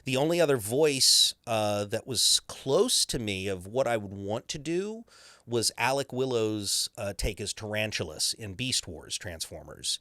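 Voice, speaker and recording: A man's voice: lowish voice, expressive, unhurried, pushed and bright, no echo, clean studio sound. A man who is a voice actor, telling stories animatedly in a podcast interview and slipping into character voices. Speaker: voice actor guest.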